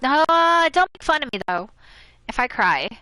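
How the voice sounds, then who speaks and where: A woman's voice: fairly high pitch, big pitch swings, moderate pace, bright, forceful tone, dry recording, low-quality recording. An American woman streaming a horror game, chatting casually, laughing often and reading items aloud. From United States. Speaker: gaming streamer. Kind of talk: casual let's-play chat.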